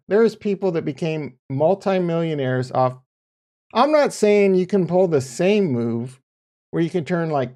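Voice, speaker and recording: A man with a slightly raised pitch talks through his crypto holdings in a loose, casual way. He drifts between low muttering and blunt, profane outbursts, swearing freely as he goes. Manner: swings from quiet muttering to heated ranting. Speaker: crypto YouTuber. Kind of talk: casual screen-share commentary.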